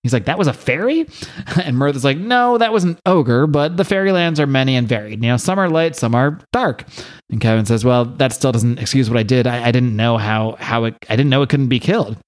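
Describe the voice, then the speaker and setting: A man co-hosting a podcast, casually recapping a comic book's story with plenty of restarts and quick lines for each character. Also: medium pitch. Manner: animated retelling, quick voices for characters, frequent laughs and restarts. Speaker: podcast co-host.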